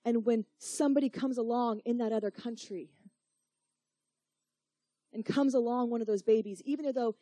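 A woman's voice: fairly high pitch, moderate pace, long pauses, warm tone, dry recording. A young woman preaching through a personal story, talking in a casual, emotional way full of "like" and "you know". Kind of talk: sermon storytelling.

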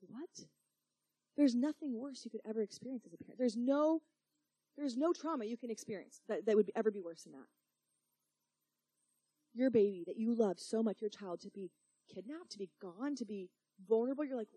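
A woman's voice: fairly high pitch, normal speed, long pauses, dark tone, breathy edge, no echo. A young woman preaching through a personal story, talking in a casual, emotional way full of "like" and "you know". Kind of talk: sermon storytelling.

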